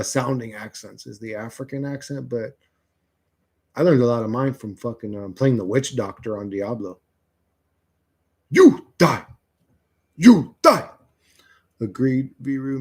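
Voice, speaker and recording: A man's voice: mid-range voice, gravelly, darkish tone. A man hosting a livestream, chatting casually with viewers in a rambling, profane, joking way. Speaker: livestream host. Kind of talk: casual chat reading viewer comments.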